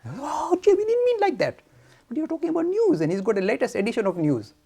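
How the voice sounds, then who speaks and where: A man's voice: sits high, lively intonation, very fast, darkish tone, pitched above the performer's own voice. A man voicing a genial, cozy male Christian minister who protests in a raised, earnest tone. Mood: protesting.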